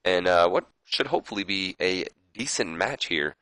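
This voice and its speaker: A man's voice: low voice, lively intonation, moderate pace, pushed and bright, clear, resonant tone, dry recording, poor audio. A young man casually commenting on his wrestling sim playthrough in a rambling, self-deprecating way. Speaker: gaming video host.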